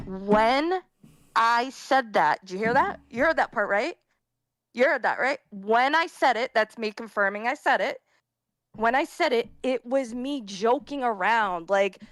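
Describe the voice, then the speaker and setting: A woman's voice: on the high side, expressive, unhurried, fairly bright tone, no echo, clean studio sound. Defensive woman in a heated argument. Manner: defensive, insistent, swears.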